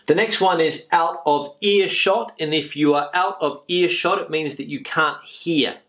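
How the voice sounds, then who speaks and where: A man's voice: fairly high pitch, a little slow, fairly bright tone. A man teaching English in a video lesson, patiently repeating each phrase with frequent uh fillers.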